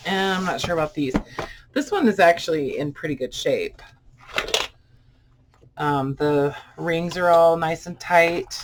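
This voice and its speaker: A vlogger chatting casually and musing aloud in a soft, unhurried way while sorting through boxes at home. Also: medium pitch. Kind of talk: casual unboxing chat. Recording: clear background noise.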